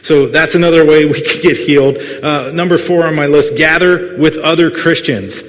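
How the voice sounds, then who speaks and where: A man's voice: fairly high pitch, moderate pace. A man preaching a sermon as pastor, earnest but full of playful jokes and asides to the congregation. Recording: long hall reverb.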